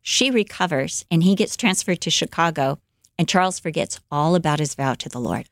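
A woman co-hosting a podcast, telling a life story in an animated way, with many fillers, and acting out the quotes. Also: low-pitched, normal speed, no echo, clean studio sound. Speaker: podcast co-host telling a biography. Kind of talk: casual storytelling chat.

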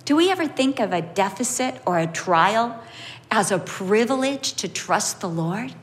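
A woman preaching a sermon, emphatic and expressive, repeating key phrases and acting out the voices of others. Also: measured pace, big-room sound. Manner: expressive, acts out voices with big pitch swings; emphatic repetition.

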